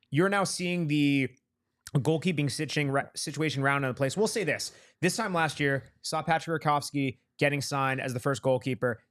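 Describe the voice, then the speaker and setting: A man's voice: fairly high pitch, fairly bright tone, dry recording, clean studio sound. A man hosting a casual sports talk show, reading an ad with hammy enthusiasm and teasing his co-hosts. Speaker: podcast host. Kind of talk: casual sports chat with live ad read.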